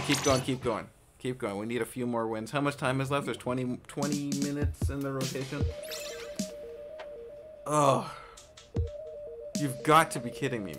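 A man streaming a game live, giving quick excitable callouts to his teammates with yelps and laughs, into a headset mic. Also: medium pitch. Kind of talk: live gameplay commentary. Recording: loud game music behind.

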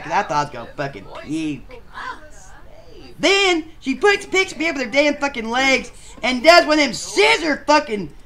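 A performer voicing a crude, rowdy male bachelor contestant, who tells profane stories and bursts into shouts. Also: sits high, creaky, heavily acted. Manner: profane storytelling with sudden shouted outbursts. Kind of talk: comic machinima voice acting.

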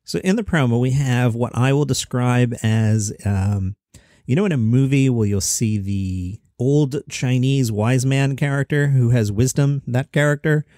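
A man's voice: mid-range voice, a little slow, warm tone, dry recording, clean studio sound. A middle-aged man hosting a comedy news podcast, chatty with jokey asides. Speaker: host.

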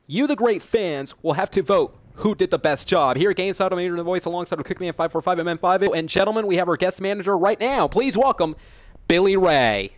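A man's voice: sits high, expressive, a little fast, no room sound. A man hosting and commentating a gaming show in a hype announcer style, teasing his guest. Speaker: host and commentator.

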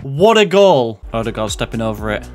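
A young man commentating on a football video game he is playing, jumping between loud outbursts and low muttered asides. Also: big pitch swings, normal speed, faint music behind. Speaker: gaming commentator.

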